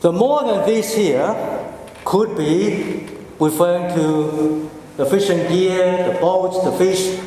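Male pastor, sermon delivery, unhurried and deliberate, quiet ambience, roomy echoing church sound. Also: slight background noise. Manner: slow and deliberate, dropping low and soft for quoted words. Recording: echoey hall with long reverb.

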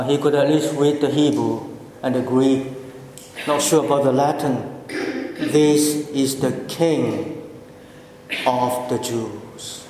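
Slow-preaching man in an echoey hall. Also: fairly high pitch, warm tone. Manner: slow, deliberate preaching with drawn-out phrases. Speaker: pastor. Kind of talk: sermon. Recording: echoey church hall, faint room noise.

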